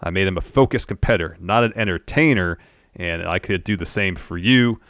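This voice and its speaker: A man's voice: low-pitched, brisk, fairly bright tone, dry recording, studio quality. A man co-hosting a casual wrestling recap show, recounting segments plainly and complaining about formulaic booking. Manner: matter-of-fact recapping, frustrated complaints. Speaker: podcast co-host.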